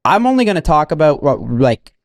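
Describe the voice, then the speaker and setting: Halting young man on a podcast. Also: fairly high pitch, sing-song, no room sound, studio quality. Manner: halting and repetitive, with many restarts. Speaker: podcast guest. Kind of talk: casual podcast talk.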